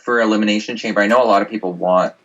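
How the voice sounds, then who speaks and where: A man co-hosting a casual podcast with a somewhat husky, fairly low voice. He is easygoing and mostly chimes in to agree with his co-host. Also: fairly even intonation, rapid-fire, fairly bright tone, dull audio. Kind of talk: casual chat.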